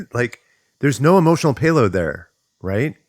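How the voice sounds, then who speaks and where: A man's voice: fairly low pitch, normal speed, no echo, clean studio sound. A man speaking in a thoughtful, conversational way as he teaches self-development, working through questions aloud. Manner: acts out inner voices in quotes. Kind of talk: reflective explanatory monologue.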